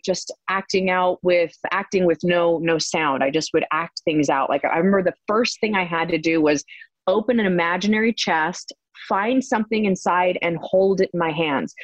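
A woman telling stories as an interview guest, animated and laughing often, with many fillers. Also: lowish voice, no room sound, low-quality recording. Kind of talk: casual storytelling interview.

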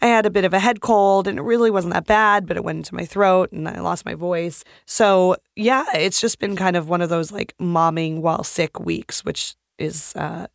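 A hoarse woman in her thirties co-hosting a podcast, chatting casually and laughing at herself. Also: fairly low pitch, steady tone, normal speed, hardly any pauses, no echo, clean studio sound. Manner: chatty, self-mocking, laughs while talking. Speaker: podcast co-host. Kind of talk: casual chat.

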